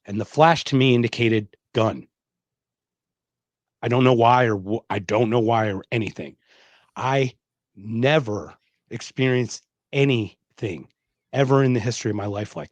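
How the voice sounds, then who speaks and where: A middle-aged man hosts a podcast and spins a long personal story with emphatic, animated delivery, voicing the people he quotes. His voice sits at an ordinary pitch and is recorded close and dry on a podcast mic, with no room sound at all. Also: no room sound. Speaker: podcast host. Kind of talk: casual conversational storytelling.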